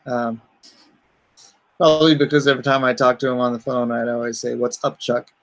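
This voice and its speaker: A man's voice: medium pitch, fairly even intonation, brisk, rough recording. A man chatting casually as a guest, joking and laughing often. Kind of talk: casual chat.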